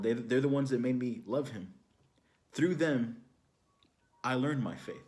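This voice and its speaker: A man's voice: mid-range voice, darkish tone, slight background noise. A young man from Houston giving an inspirational testimony message, telling a story casually with fillers like "you know, like". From Houston, Texas, USA. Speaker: ministry speaker.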